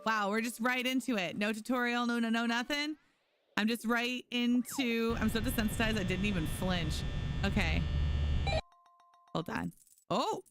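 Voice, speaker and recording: Woman streamer, chatty and animated, young adult, faint background music. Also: a little high, normal speed. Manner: chatty, animated, reads chat aloud and thanks viewers. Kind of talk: casual livestream gaming chat.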